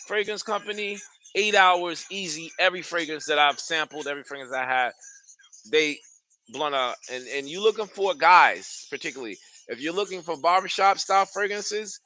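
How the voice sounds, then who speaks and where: A man's voice: a little high, sharp tone. A man hosting a casual live stream, talking loosely and enthusiastically straight to his viewers. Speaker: fragrance reviewer streaming live.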